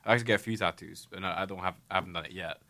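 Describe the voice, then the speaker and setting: Low-voiced man hosting a podcast. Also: rapid-fire, pushed and bright. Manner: hesitant, lots of fillers and restarts. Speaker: podcast host. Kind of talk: casual podcast chat.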